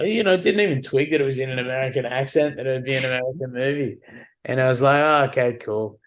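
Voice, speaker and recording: A man, a podcast guest, telling stories casually and animatedly, swearing and acting out the dialogue. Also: mid-range voice. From Australia. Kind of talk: casual storytelling.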